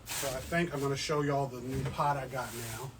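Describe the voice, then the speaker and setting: A plant channel host with a medium-pitched, steady voice speaks at a normal speed against a noisy background. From his home, surrounded by plants, he runs a casual livestream, chatting, joking, answering viewer questions and checking in with his audience often.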